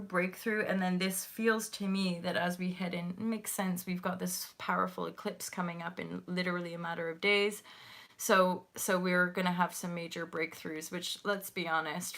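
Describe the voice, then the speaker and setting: A woman hosting a live tarot reading, chatting warmly to viewers with gushing, animated, casual talk. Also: lowish voice. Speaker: tarot reader and host.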